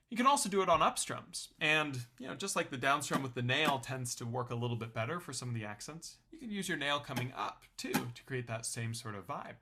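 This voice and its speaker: A man's voice: on the high side, pushed and bright. A young man teaching a ukulele lesson in a friendly, explanatory way, counting beats aloud. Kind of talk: online music lesson.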